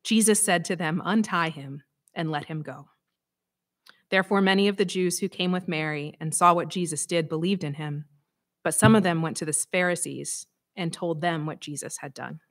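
A woman preacher reading scripture aloud and giving a sermon, conversational and expressive with dramatic emphasis. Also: on the low side, normal speed.

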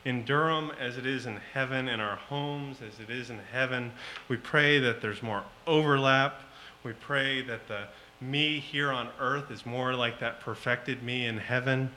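Slow bright-voiced preacher man. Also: mid-range voice, steady tone, a little hiss or hum, rough recording. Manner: slow, emphatic, rising to loud pleading when quoting the Psalms. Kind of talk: sermon.

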